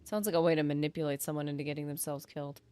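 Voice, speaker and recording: A woman streams a role-playing game, reading quest text aloud and chatting playfully with viewers, full of joking asides and mock-grandeur. Her deep voice is level, warm and clean, and she talks rapid-fire. Faint game music plays behind her.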